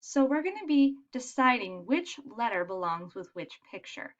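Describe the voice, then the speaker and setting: A woman teaching young children letter sounds in a patient, encouraging way, modelling each sound clearly. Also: a little high, sing-song, moderate pace, dull audio. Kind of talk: phonics lesson for young children.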